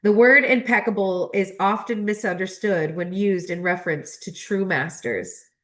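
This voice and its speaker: In a mid-range voice at normal speed, a woman who hosts a spiritual astrology channel reads a spiritual text. She's emotional, choking up and laughing between passages.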